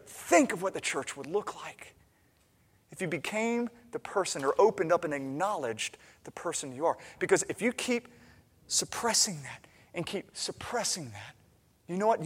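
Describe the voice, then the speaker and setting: A man preaching a sermon as pastor, swinging from hushed asides to loud, impassioned appeals. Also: high-pitched, breathy edge, big-room sound.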